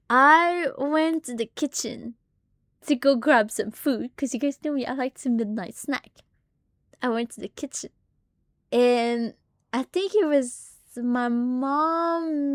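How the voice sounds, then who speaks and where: High-voiced woman streamer telling a story. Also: no echo, studio quality. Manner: animated, swears a lot, shrieks in retold moments. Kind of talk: casual live-stream storytelling.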